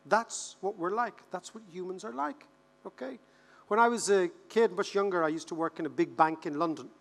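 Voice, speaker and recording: An Irish man in his fifties giving a humorous conference keynote, animated and joking, repeating words for rhythm. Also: high voice, moderate pace, vocal fry. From Ireland. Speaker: keynote speaker. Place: large conference hall. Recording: reverberant conference hall.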